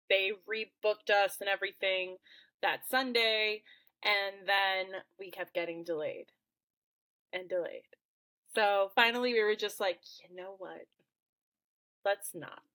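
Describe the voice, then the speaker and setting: A woman's voice: mid-range voice, pushed and bright, low-quality recording. A woman co-hosting a podcast, chatting casually and laughing often as she talks. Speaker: podcast co-host.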